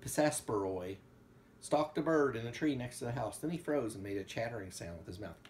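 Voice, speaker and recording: Guy reading a kids story out loud at home, lively up and down voice, faint hiss behind. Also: mid-range voice. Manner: lively, animated storytelling with quick asides to a child. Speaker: parent reading aloud.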